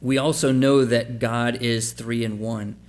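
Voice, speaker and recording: A man's voice: medium pitch, fairly even intonation, unhurried, darkish tone. A man preaching a sermon, reading scripture passages aloud and then explaining them in a conversational, questioning way. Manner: asks the congregation questions and spells out letters for emphasis. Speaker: pastor.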